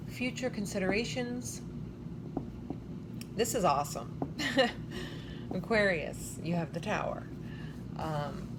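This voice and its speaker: A woman's voice: medium pitch, animated, slow, pauses often. A woman giving a casual tarot reading, chatty and thinking aloud with many fillers, a little out of breath. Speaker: tarot reader. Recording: loud background noise.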